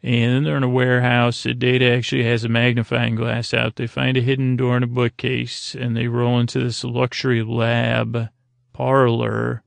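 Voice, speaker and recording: A man's voice: mid-range voice, completely flat delivery, moderate pace, gravelly, dry recording. A man hosting a podcast, casually recapping an episode, rambling with fillers and quoting characters. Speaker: podcast host.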